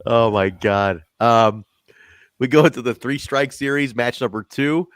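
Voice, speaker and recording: A man hosting a casual review chat, animated, swearing freely and laughing often. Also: medium pitch, a little slow, no room sound, clean studio sound. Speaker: podcast host reviewing wrestling.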